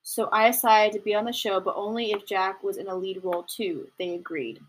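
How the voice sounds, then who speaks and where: A young woman hosts a casual commentary podcast from her home, rambling along in a steady, slightly fast voice over a bit of background noise. She's chatty and keeps slipping into mocking, high-pitched impressions.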